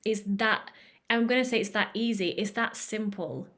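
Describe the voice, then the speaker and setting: A woman hosts a motivational podcast in a casual, emphatic way. She swears freely and laughs at herself, with a voice of middle pitch. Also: normal speed, a bit bright. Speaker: podcast host.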